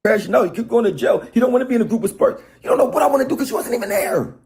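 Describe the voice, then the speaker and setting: A man delivering a mocking, rapid-fire rant of trash talk. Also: very high-pitched, lively intonation, vocal fry, darkish tone. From Harlem, New York. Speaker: rapper in played video clip. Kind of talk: animated insult rant.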